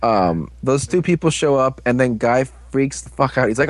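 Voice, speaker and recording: A man's voice: medium pitch, lively intonation, normal speed, low-quality recording. Young man, casual recap, rambling, jokey, keeps losing track. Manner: rambling, jokey, loses his place.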